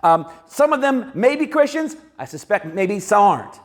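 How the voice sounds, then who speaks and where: A male preacher with a high, very lively voice that swings up and down as he talks. He keeps it conversational and animated, slipping into little acted-out quotes as he preaches in a church. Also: normal speed. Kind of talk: sermon. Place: church sanctuary.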